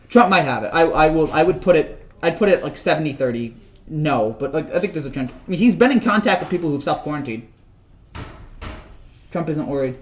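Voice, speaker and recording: A man's voice: on the high side, animated, a little fast. A man vlogging about sports in a casual rant, rambling and joking and often repeating himself.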